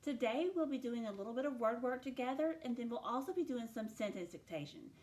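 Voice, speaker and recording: A woman teacher giving a recorded classroom lesson, speaking slowly and clearly as she models each word sound. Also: a little high, animated, a little mellow, roomy sound. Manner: slow, clear phonics modelling, stretching out sounds.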